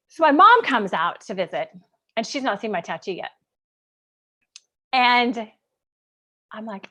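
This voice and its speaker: A woman in her thirties from Kansas, chatting animatedly on a livestream, full of "like" and quick asides as she tells a personal story. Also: mid-range voice, lively intonation, a bit bright. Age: 30s. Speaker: business coach.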